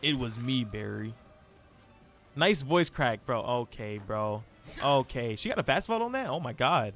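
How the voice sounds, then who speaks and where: A young man streaming live gameplay, chatting in an excitable, slangy, self-mocking way. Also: mid-range voice, unhurried, soft background music.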